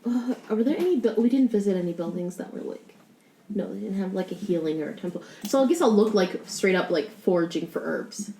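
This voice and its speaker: A woman's voice: mid-range voice, animated, a little fast, mellow, a little hiss or hum. A woman playing a tabletop game as a cleric, speaking casually and kindly in character. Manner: casual, playful, kind in character. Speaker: player. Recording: echoey room.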